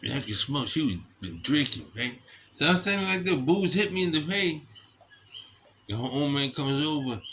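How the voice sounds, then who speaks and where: A man telling a rambling personal story in a casual, animated way and acting out other people's lines, outdoors at night with crickets behind him. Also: fairly high pitch, normal speed, slight background noise.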